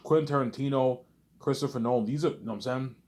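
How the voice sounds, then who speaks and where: A man in a casual rambling monologue, animated and repetitive, arguing back and forth with himself. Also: medium pitch, quick pace. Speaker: vlogger.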